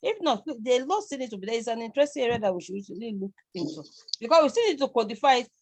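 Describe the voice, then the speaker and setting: A woman's voice: a little high, animated, very fast, darkish tone, no room sound. A middle-aged Nigerian woman lecturing a live class, emphatic and questioning, often repeating herself. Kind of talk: live online class discussion.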